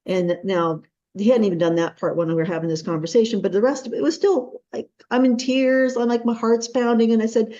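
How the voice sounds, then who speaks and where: A woman hosting an interview tells a long anecdote and acts out every quote with big leaps in pitch. Her tone is dark and mellow. The recording is dull and lo-fi. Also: fairly even intonation, brisk. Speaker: host. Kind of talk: storytelling in a casual interview.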